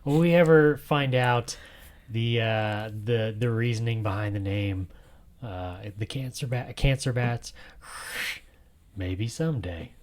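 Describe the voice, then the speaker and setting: A man hosting a laid-back podcast, talking in a jokey, animated way. He keeps slipping into quiet whispered asides between louder bursts. His pitch sits in an ordinary middle range for a man. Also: takes it slowly. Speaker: podcast host. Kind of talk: casual podcast chat.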